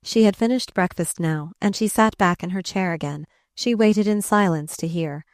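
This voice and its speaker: A woman's voice: lowish voice, no room sound, clean studio sound. Woman narrating a classic audiobook. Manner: measured, expressive reading.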